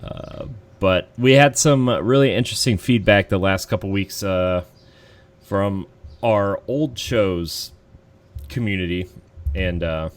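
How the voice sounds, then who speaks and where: Deep-voiced relaxed podcast host man. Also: slow. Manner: relaxed, rambling, lots of fillers. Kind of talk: casual podcast chat.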